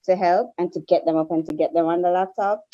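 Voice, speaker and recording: A woman's voice: lowish voice, fairly even intonation, fast, warm tone, lo-fi sound. A woman who is a freelance voiceover artist and mother, answering interview questions in an earnest, reflective way. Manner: earnest, reflective, laughs easily.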